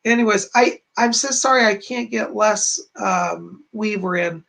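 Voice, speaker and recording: Chatty male psychic with a gravelly voice. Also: sits high, a little slow, pushed and bright, rough recording. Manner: chatty, earnest, reassuring; retells messages with repeated "she said". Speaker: psychic medium. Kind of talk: livestream readings for viewers. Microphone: streaming from home to camera.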